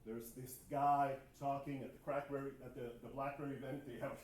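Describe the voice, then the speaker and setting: A man's voice: medium pitch, flat delivery, a little fast. A man giving a tech talk at a conference, rambling and self-mocking with jokey asides. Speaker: conference presenter. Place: conference room.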